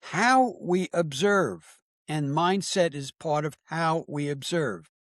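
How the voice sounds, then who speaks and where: Teacherly older man, fairly high voice. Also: takes it slowly, no echo, studio quality. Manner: earnest, emphatic, teacherly with tag questions. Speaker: psychologist and author guest. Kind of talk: interview answers, explanatory.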